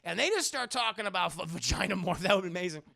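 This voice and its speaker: A young man casually recapping a movie for his live chat, sarcastic and jokey, swearing freely and acting out the characters in quick asides. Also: high-pitched, animated, gravelly, sharp tone. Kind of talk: casual profane film recap.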